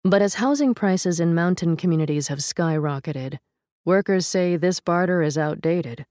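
A woman reads a feature story aloud in a calm, measured way. Her voice sits low, and the recording is dry and close, with no room sound. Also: dry recording. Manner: measured, steady reading with a first-person reporter voice. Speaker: narrator of an audio article. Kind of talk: scripted narration.

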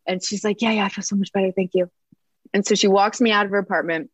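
A woman's voice: mid-range voice, fast talker, breathy edge, dry recording. A woman in her thirties from the United States, telling a long story as an interview guest and acting out quoted lines with lots of "like". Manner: animated, acts out quotes, lots of "like". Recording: dry, slightly muffled studio sound.

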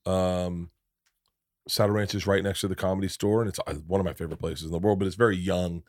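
A middle-aged man telling stories in a casual podcast chat, profane and animated, with many asides. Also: low voice, fast, no echo, studio quality. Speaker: podcast guest.

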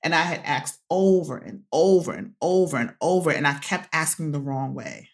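A woman's voice: low-pitched, expressive, normal speed, creaky. A woman guest telling a personal story in conversation, emphatic, repeating phrases for stress and laughing often. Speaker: guest, activist and author.

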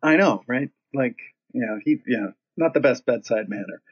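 A middle-aged man, a rock singer, telling a long story in a casual interview, rambling and profane, voicing other people's lines with lively shifts. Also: mid-range voice, moderate pace, husky. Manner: rambling, profane, animated when quoting himself and others. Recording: dull lo-fi podcast audio.

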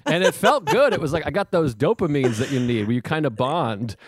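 A man's voice: medium pitch, very animated, fairly quick, husky, no room sound, studio quality. A man chatting casually from home, rambling and jokey, often restarting his sentences. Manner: rambling, self-interrupting, jokey. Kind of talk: casual chat. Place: home in Queens.

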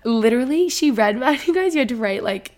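A woman's voice: fairly high pitch, animated, a little fast, a little mellow. A woman in her twenties hosting a casual solo podcast, rambling and emotional, with lots of "like". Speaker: podcast host.

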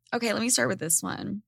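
A woman hosting a podcast in casual chat, ranting in an animated, profane way. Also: mid-range voice, vocal fry, breathy edge, dry recording, clean studio sound. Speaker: podcast host.

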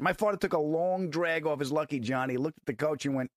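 A man's voice: a little high, fairly even intonation, brisk, dry recording, clean studio sound. A man hosting a casual chat, eagerly agreeing and chiming in as his guest talks. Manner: eager, agreeable, chimes in often. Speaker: host.

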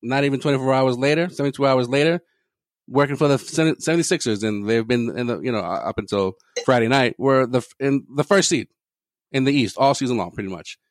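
A man's voice: mid-range voice, fairly quick, dry recording, clean studio sound. A man co-hosting a podcast in casual sports chat, rambling and swearing freely, laughing often. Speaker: podcast co-host.

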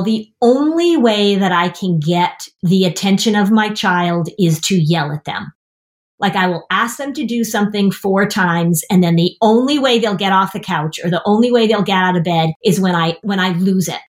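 A woman's voice: mid-range voice, normal speed. Middle-aged woman therapist explaining. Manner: explains with acted-out parent and kid quotes. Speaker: therapist and anxiety expert. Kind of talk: podcast talk.

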